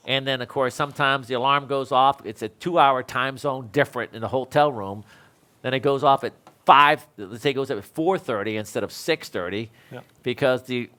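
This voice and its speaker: A man's voice: medium pitch, moderate pace, pushed and bright. A man in his sixties, an electrical code instructor, talking casually with fellow instructors in a rambling, self-deprecating way and laughing often.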